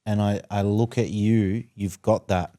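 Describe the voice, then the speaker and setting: A man's voice: fairly low pitch, fairly even intonation, measured pace, warm tone. A man chatting casually and thoughtfully as a podcast guest, speeding up when he tells a story. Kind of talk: casual conversation.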